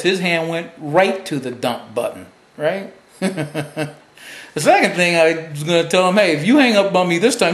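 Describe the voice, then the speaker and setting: A man hosting his own show, commenting on a radio clip in a boastful, taunting way. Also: fairly high pitch. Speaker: public-access show host. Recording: roomy echo.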